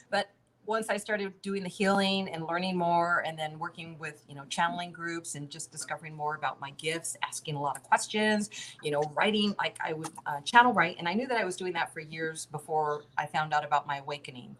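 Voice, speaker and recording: A woman's voice: on the low side, fairly bright tone, slight background noise. A middle-aged woman telling a story as an interview guest in a casual, chatty way, with many fillers and restarts and frequent laughs, on a video call.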